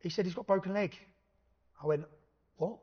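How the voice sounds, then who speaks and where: A man telling an animated anecdote in casual chat, swearing freely and laughing between lines. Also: high-pitched, fast, slightly rough. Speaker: podcast guest. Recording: dull lo-fi recording.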